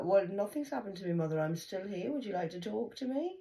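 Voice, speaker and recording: A woman vlogger talks straight to her viewers in a loose, rambling monologue, cursing freely. Her pitch swings widely up and down as she goes, and she smokes while she speaks. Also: sing-song, quick pace, few pauses, dark tone. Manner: swears freely, blunt and rambling.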